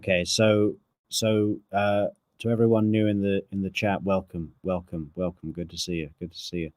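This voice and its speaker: A man from Europe, live-streaming casual commentary and chatting with his viewers in a halting way with fillers. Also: deep voice, flat delivery, a little mellow. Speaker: true crime streamer.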